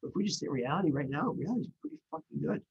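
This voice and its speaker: A man's voice: on the high side, very animated, rapid-fire, creaky, darkish tone, husky, dull audio. A man in casual conversation, talking earnestly about recovery and faith, rambling with restarts. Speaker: guest in recovery.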